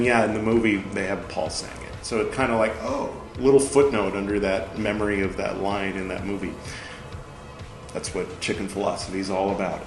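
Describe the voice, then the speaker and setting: A man's voice: fairly low pitch, roomy sound. A man hosting a podcast, reading a text aloud and breaking off for wry, joking asides. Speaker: podcast host.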